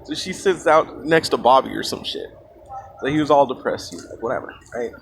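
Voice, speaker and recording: A man's voice: mid-range voice, lively intonation, normal speed, vocal fry. A man casually telling a story, rambling with fillers and asides. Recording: noisy background.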